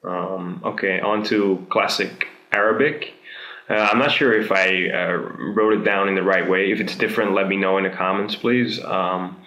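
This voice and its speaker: A young Dutch man with a Dutch accent, chatting casually through a language tutorial with many pauses. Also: sits low, fairly even intonation, pushed and bright, roomy sound, muffled recording. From Netherlands. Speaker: video host.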